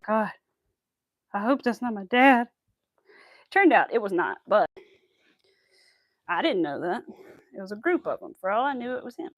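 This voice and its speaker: A woman with a medium-pitched voice hosts a laid-back crochet livestream for her crafting channel, chatting and giggling with viewers as she works. There's no room sound in the recording.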